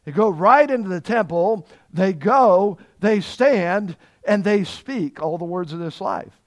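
A man's voice: high-pitched, lively intonation. A man preaching a sermon, leaning hard on key words and asking the congregation questions. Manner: emphatic, drawn-out stresses on key words.

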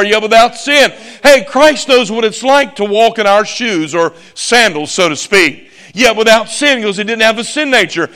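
A male preacher delivering a sermon, emphatic and swinging from loud exclamations to hushed asides. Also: high voice, moderate pace, clear, resonant tone.

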